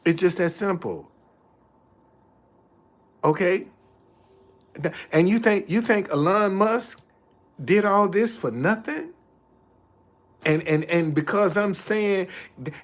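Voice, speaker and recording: A man hosts a casual livestream and fires back at his chat. His voice sits high and swings widely in pitch. He talks in animated bursts and repeats himself. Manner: animated, repetitive, laughing, talks back to commenters. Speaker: livestream host.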